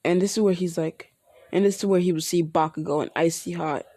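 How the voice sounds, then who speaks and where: A woman's voice: on the low side, steady tone, a little fast, warm tone, no echo. A woman improvising fan fiction narration in a rambling way, full of restarts and fillers. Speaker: storyteller.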